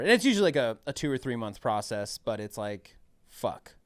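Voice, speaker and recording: A young man from New Mexico telling stories in casual podcast chat. His voice is smooth and clear, at a middle pitch, and it is recorded close and dry. He tells his anecdotes with a lot of swearing and bursts of acted-out voices. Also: a little fast, dry recording. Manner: animated, swearing, acts out other people's voices. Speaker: guest comedian.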